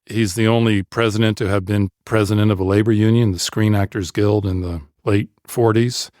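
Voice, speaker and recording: Low-voiced man in analytical discussion. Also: fairly even intonation, a little mellow, no echo, clean studio sound. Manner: measured, analytical. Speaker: podcast co-host. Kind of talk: conversational discussion.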